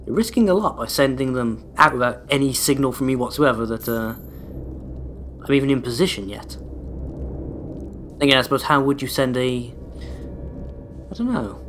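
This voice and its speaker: A man's voice: mid-range voice, lively intonation, normal speed, pauses often, fairly bright tone, slight background noise. A young man rambling through casual gameplay commentary as a let's play host, with dry, self-deprecating jokes aimed at his viewers.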